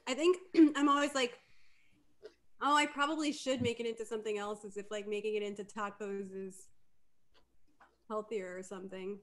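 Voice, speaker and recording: A woman's voice: mid-range voice, steady tone, normal speed, pauses often, fairly bright tone. A woman on a casual cooking livestream, playful and musing aloud with what-if ideas. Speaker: co-host. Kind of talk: casual chat on a cooking stream.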